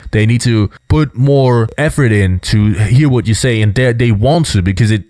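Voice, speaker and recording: A man's voice: on the low side, warm tone, no echo, studio quality. A young man giving casual, explanatory commentary on body language, peppering his points with "you know" and "right?".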